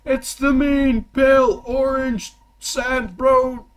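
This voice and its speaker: A man voicing a male wasp-like insectoid announcing fights in an arena, shouting in a slow, drawn-out hype voice. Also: very high-pitched, flat delivery, pitched above the performer's own voice, heavily acted. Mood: hyped.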